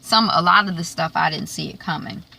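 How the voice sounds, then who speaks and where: A woman recapping a TV episode in a chatty, animated way, full of fillers and asides. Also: deep voice, a little fast, creaky. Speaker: TV recap vlogger. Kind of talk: casual recap and predictions.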